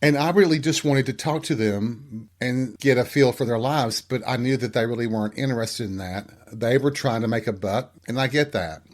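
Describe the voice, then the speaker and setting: A man's voice: medium pitch, moderate pace, few pauses. A middle-aged man hosting a show, frankly telling a personal story in a casual, candid and profane way. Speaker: podcast host.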